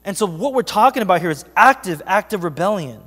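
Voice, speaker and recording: A man's voice: high-pitched, animated, fast talker, a bit bright. Man preaching in a reverberant church. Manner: earnest, conversational preaching with scripture reading. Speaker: pastor. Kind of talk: sermon. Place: church sanctuary.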